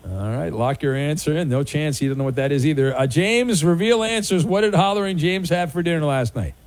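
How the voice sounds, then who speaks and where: A man's voice: fairly high pitch, fairly quick, no echo. A man hosting a sports talk radio show, chatty and wisecracking with his callers. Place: radio studio. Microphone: studio microphone.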